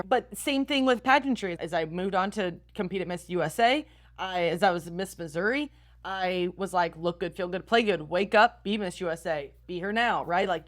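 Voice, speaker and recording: A young woman hosting a motivational podcast, coaching her listeners directly in an upbeat, energetic way. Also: medium pitch. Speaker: podcast host and style coach.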